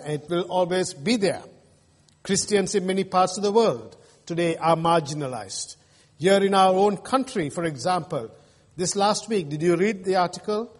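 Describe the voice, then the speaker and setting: A male pastor from Australia preaching an emphatic sermon to his congregation. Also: sits high. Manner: emphatic preaching with mocking jeers and pauses. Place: church sanctuary. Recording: reverberant church hall.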